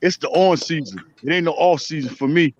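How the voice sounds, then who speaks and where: Fast-talking New man on a phone line. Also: on the high side. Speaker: caller. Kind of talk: casual chat. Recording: dull lo-fi phone call.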